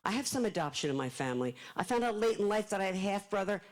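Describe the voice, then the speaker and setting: An older woman from Philadelphia with a Philadelphia accent, an author giving a fast, chatty, joking live talk at a library event. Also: medium pitch, sing-song, low-quality recording. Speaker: author speaking to an audience.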